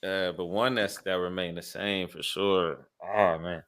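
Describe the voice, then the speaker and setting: A man's voice: low voice, steady tone, a little slow, a bit bright, dry recording. A young man in casual podcast chat who talks in a laid-back, hesitant, reflective way. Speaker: podcast co-host.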